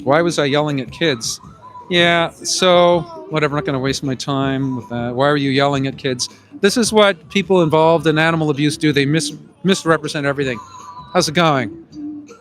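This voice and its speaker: A man live streaming outdoors in a busy plaza, calling out to passers-by in a loud, projecting voice. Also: on the high side, moderate pace. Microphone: handheld phone mic. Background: music from outdoor speakers.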